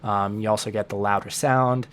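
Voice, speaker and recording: A man's voice: lowish voice, steady tone, moderate pace. A man teaching in a casual, explanatory way, thinking aloud and repeating words as he restarts his sentences. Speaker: language learning teacher.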